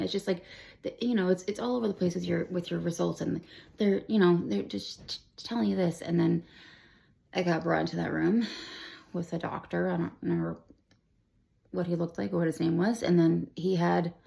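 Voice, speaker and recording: A woman in her twenties speaks straight to camera, her voice low, mellow and thick with gravelly fry. She tells her story in an emotional, rambling way, circling back on herself with restarts and fillers. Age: 20s. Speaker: vlogger sharing her cancer diagnosis. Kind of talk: candid personal storytelling to camera.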